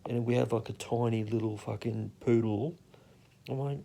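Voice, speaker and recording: A man's voice: mid-range voice, steady tone, a little slow, creaky, mellow, slight background noise. A young man with an Australian accent telling rambling, crude stories in casual talk and swearing freely. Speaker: storyteller. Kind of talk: casual storytelling.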